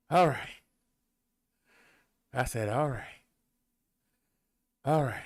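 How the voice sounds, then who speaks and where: A middle-aged man and show host, out of breath, reading out the day's figures in a folksy, animated way. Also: mid-range voice, drawn-out words. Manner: animated, rolls his R's, folksy drawl. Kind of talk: casual livestream talk, reading daily stats.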